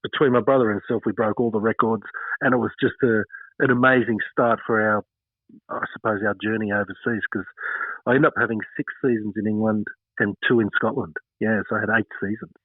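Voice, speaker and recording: A man's voice: lowish voice, steady tone, fairly quick, no room sound, narrow, tinny audio. A man in his fifties with an Australian accent, a former cricketer telling stories in an interview, rambling with many fillers. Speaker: former cricketer, podcast guest. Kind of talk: casual interview storytelling.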